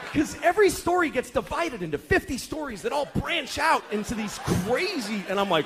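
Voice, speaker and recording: A man's voice: very high voice, big pitch swings, brisk, few pauses, a bit bright. A man doing a profane stand-up comedy routine, acting out characters in shifting voices. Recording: live club with crowd and faint noise.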